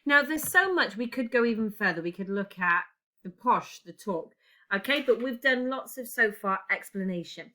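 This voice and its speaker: A woman teaches an English lesson, working through an example answer aloud. Her voice is bright and crisp, and she thinks out loud as she types. Keyboard clicks run under her speech. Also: mid-range voice, lively intonation, normal speed. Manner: talks while typing, thinking aloud. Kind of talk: recorded exam-writing lesson.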